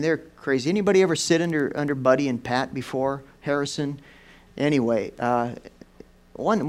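A man preaching to a congregation in a loose, rambling storytelling style, stumbling over repeated words as he goes. His voice sits a little higher than most men's and climbs higher and louder when he drives a point home. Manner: rambling, storytelling with frequent restarts; animated, rising in pitch and volume for emphasis. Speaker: pastor. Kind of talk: sermon.

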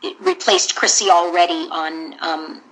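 A woman voice actor sits for an interview and recounts her career in a candid, wandering way. Her voice sits a little low for a woman but comes out bright and forceful. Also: very animated, a little slow, rough recording. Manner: candid, rambling storyteller.

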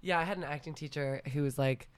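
A woman's voice: deep voice, fast talker, clear, resonant tone, no echo. A young woman from Minnesota, a podcast guest chatting casually, laughing often and poking fun at herself. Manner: giggly, chatty, self-deprecating. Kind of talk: casual chat.

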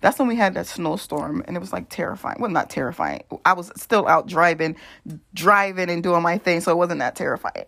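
A young woman vlogger telling a story in a chatty, animated way, full of asides and laughter. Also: medium pitch. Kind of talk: casual storytelling.

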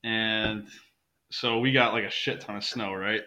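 A man's voice: on the low side, fairly even intonation, measured pace, sharp tone, low-quality recording. A young man guesting on a casual podcast, a rambling storyteller who swears a lot.

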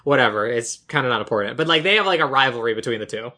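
Woman cohost recapping a movie, bright voice, animated, does the lines in bits. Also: very deep voice, rapid-fire. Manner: animated, acts out quoted lines. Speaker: podcast co-host. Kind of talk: casual recap chat.

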